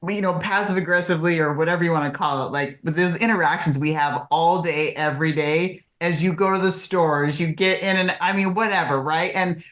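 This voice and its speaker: A woman co-hosting a casual podcast chat, telling stories in a chatty, animated way. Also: lowish voice, a little fast, few pauses. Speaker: podcast co-host. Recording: roomy echo.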